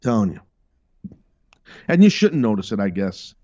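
A man's voice: fairly low pitch, very animated, moderate pace, warm tone, no echo, highs cut off. A middle-aged man hosting a podcast in a casual, rambling monologue. He talks emphatically and repeats his points. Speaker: podcast host.

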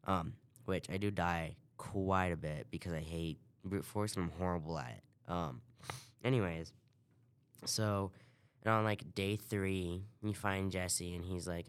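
A man's voice: sits low, measured pace, clean tone. A man hosting a podcast, casually recapping a video game in a rambling way and swearing offhand. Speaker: podcast host.

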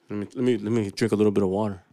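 Chill slangy dude rambling stories on a podcast, dry close mic, cusses a lot. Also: male voice, fairly low pitch, fairly even intonation, racing, dark tone, no echo. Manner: laid-back slangy storytelling, swears a lot. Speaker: podcast co-host. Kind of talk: casual chat.

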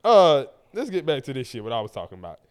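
A man's voice: medium pitch, wildly swooping pitch, quick pace, a little mellow, clean tone. Loose, joking podcast co-host man. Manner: loose, profane, joking banter. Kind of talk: casual podcast banter.

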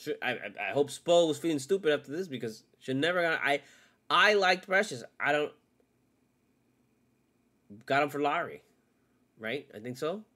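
A man's voice: expressive, moderate pace, long pauses. Profane ranting man hosting a sports podcast. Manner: profane, ranting, swings between loud outbursts and low mutters. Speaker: podcast host. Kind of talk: solo sports rant.

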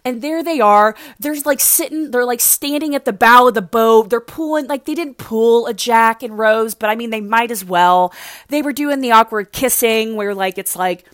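A woman's voice: fairly high pitch, normal speed, no echo, studio quality. Gushing young woman, rambling recap. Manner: gushing, rambling, heavy use of "like". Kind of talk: casual reality-TV recap.

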